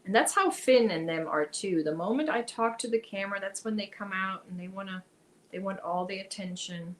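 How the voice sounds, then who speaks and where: A woman's voice: medium pitch, a little fast, low-quality recording. A woman hosting a casual crochet livestream, chatting with viewers, reading their comments aloud and talking to her cat.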